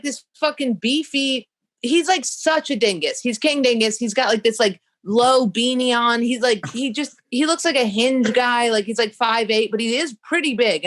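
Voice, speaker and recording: On a talk show, a young woman comedian swaps stories in relaxed conversation, cursing and mimicking everyone she quotes. Her voice is fairly high-pitched at a normal pace, and she's lively throughout.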